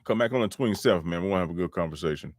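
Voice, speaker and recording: A man's voice: deep voice, very fast, no echo, clean studio sound. A man hosting a casual live stream, talking loosely with lots of fillers and restarts. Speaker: live show host. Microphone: home microphone.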